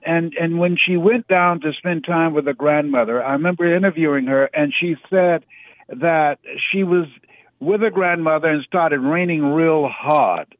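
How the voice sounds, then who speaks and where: A man's voice: fairly high pitch, no echo. A man giving a preacherly motivational talk as a radio guest, stressing his points by repeating words. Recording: tinny phone line.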